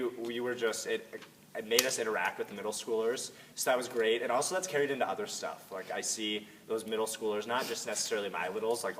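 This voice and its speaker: A teenage boy, a high school runner, answering casually with hesitant, filler-heavy talk. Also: a bit bright. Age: late teens. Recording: distant mic, faint hiss.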